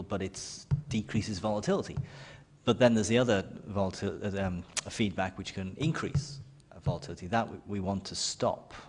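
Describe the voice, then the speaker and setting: A man answering as a finance panelist, wry in tone, with stumbling restarts. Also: deep voice. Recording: long hall reverb.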